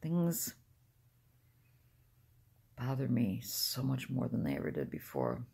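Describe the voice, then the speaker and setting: An older woman speaks from inside a car in a dark, mellow voice with plenty of gravelly fry. She rambles softly and haltingly to her viewers, losing her thread, trailing off and sighing between thoughts. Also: very deep voice, big pitch swings. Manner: soft-spoken, halting, trailing off with sighs. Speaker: vlogger. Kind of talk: rambling casual talk to camera.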